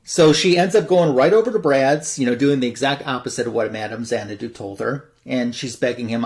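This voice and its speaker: A man's voice: mid-range voice, a little fast, hardly any pauses, a little mellow. A man hosting a comic book show, casually retelling a story in a loose, rambling way full of fillers. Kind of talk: casual plot recap.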